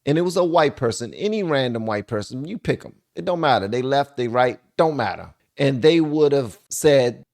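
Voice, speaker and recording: A man's voice: mid-range voice, big pitch swings, brisk, vocal fry, few pauses. A man hosting a reaction commentary show, talking into a desk microphone and often repeating himself. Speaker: channel host.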